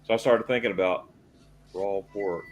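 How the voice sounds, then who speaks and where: A man's voice: lowish voice, steady tone, moderate pace, lo-fi sound, a little hiss or hum. A male host animatedly telling a story in a casual group video chat.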